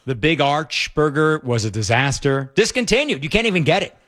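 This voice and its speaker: A man's voice: a little high, expressive, a little fast, fairly bright tone. A middle-aged man hosting a talk radio show, rambling and sarcastic in an opinionated banter.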